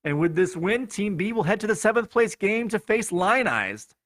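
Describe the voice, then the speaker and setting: A man's voice: high-pitched, expressive, normal speed, fairly bright tone, dry recording. A man with a Chicago accent hosting a podcast, playfully reading through fantasy football scores in a running recap. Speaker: podcast host.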